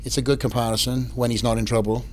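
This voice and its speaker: A middle-aged Welsh man talks over a faint background hiss in casual podcast chat. He tells his stories with animation and a loose, swearing tongue, and puts on quick voices for the people he quotes. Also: medium pitch, level tone. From Wales. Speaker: podcast guest.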